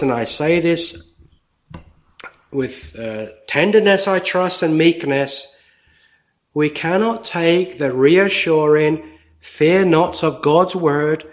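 A man preaching a sermon in a slow, deliberate way with emphatic pauses. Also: a little high.

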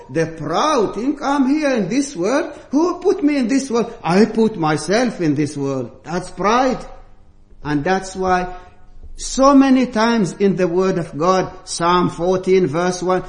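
A man preaching a sermon, slow and deliberate, stressing key words with rising emphasis. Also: high-pitched. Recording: echoey room.

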